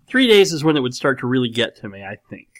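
A man's voice: mid-range voice, big pitch swings, quick pace, fairly bright tone. A man hosting a casual talk show, reading out listener questions in a rambling way, with dry, sarcastic humor. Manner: rambling, full of "like" and "you know". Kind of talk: casual chat.

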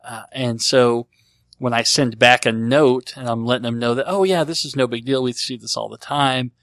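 A man's voice: medium pitch, fairly bright tone, dry recording. A man hosting a casual podcast, answering listener questions in a rambling, conversational way as he thinks aloud. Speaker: podcast host.

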